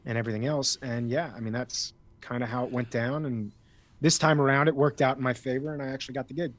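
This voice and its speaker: A man's voice: mid-range voice, steady tone, quick pace, slight background noise. A man from Miami with a slight East Coast accent, a guest telling stories in a casual interview, chatty and rambling with frequent restarts. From Miami, USA. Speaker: guest actor.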